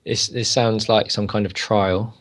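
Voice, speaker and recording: A man's voice: on the low side, flat delivery, a little slow. A man co-hosting a casual wrestling chat, playful and joking, often tagging his lines with questions. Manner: playful, joking, asks many tag questions. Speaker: co-host.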